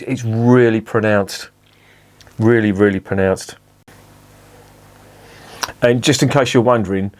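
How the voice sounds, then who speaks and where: A middle-aged man with a somewhat low voice, talking straight to camera in a casual review. He swears constantly and grumbles with sarcastic exasperation. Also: a little mellow. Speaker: beer reviewer. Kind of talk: casual beer review vlog.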